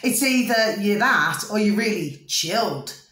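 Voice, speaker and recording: Her mid-range voice is expressive and a bit bright, moving at a measured pace in a roomy space. She's a middle-aged British vlogger giving a rambling, chatty monologue to camera, frequently checking on her viewers with "do you see what I mean?" and "ding ding".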